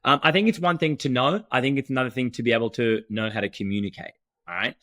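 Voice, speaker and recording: A man co-hosting a podcast, talking in an energetic, emphatic teaching tone. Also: medium pitch, fast talker, dry recording. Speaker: podcast co-host. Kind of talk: conversational podcast talk.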